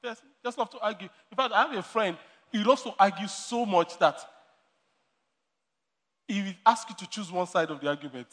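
A high-voiced man with a fairly bright tone preaches at a moderate pace, leaving long pauses. He tells stories, laughs often, and repeats his main points, and the sound carries a long hall reverb.

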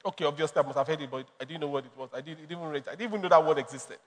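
High-voiced pastor in a reverberant hall. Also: male voice, very fast. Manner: emphatic, storytelling, laughs often. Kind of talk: sermon. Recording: long reverb of a large hall.

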